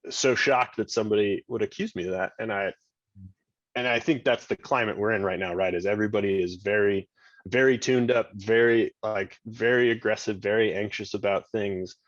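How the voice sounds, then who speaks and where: A podcast guest who serves as a state government chief of staff rambles casually through a story, his voice on the low side and his pace moderate. He restarts often and uses "like" a lot, and the lo-fi recording is dull and dry with no echo.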